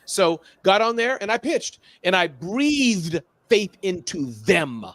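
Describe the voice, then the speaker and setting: High-pitched, animated man telling stories. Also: takes it slowly, no echo, clean studio sound. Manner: playful, acts out calls with sound effects. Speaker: guest, small business expert. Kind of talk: animated podcast conversation.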